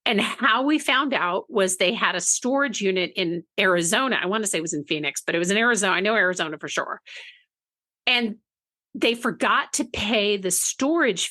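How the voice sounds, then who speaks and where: A woman telling an anecdote in casual podcast talk, chatty and animated, often laughing between phrases. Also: medium pitch, normal speed. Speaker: book marketing guest.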